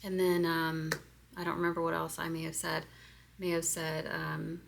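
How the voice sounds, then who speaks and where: Woman, low voice, gravelly fry, candid, hesitant, filler-heavy, self-help lesson. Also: completely flat delivery, normal speed. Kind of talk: casual personal instruction video.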